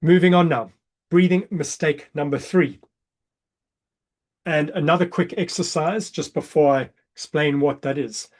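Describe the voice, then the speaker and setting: A man with a slightly high voice coaches a breathing class over a video call. He explains each exercise plainly. Then he counts the breaths softly and slowly. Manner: calm counting, drops soft and low during counts. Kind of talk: guided breathing workshop.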